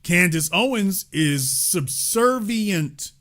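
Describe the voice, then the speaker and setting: Hosting a heated political monologue, a middle-aged man speaks slowly in a slightly high voice that swoops with lively intonation. He's emphatic and sarcastic, lurching between loud outbursts and low, muttered asides.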